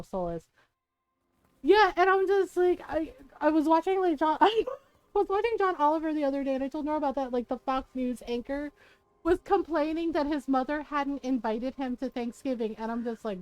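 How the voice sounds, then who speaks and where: A high-pitched woman streamer chatting casually over her game, swearing freely and laughing through her stories. Her voice sounds close and dry, with no room around it. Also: a little mellow, no echo, poor audio. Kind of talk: casual storytelling while gaming.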